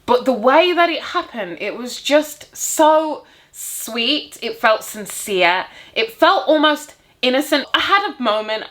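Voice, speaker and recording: A young woman vlogger chatting casually to her viewers, telling a dating story and acting out her own reactions with lively exclamations. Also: high-pitched, slow.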